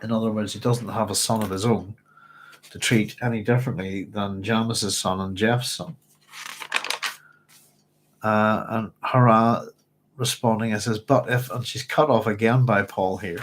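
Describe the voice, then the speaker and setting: A man's voice: fairly low pitch, steady tone, a little slow, pauses often, a little hiss or hum, rough recording. A man hosting a livestreamed book discussion who rambles hesitantly, with many fillers, while speaking with a dry, strained throat. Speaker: book club host.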